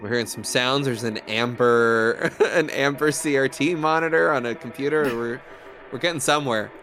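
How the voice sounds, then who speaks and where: A man's voice: medium pitch, normal speed, fairly bright tone. An American man co-hosting a streamed game playthrough, rambling casually with lots of fillers and jokes. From United States. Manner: rambling, filler-heavy, joking. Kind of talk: casual chat.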